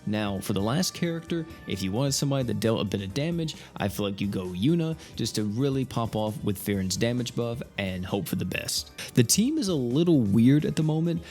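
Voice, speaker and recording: A young man giving casual, animated commentary on a mobile game update, thinking aloud and laughing now and then. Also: mid-range voice, a little fast, few pauses, faint music behind. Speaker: gaming YouTuber.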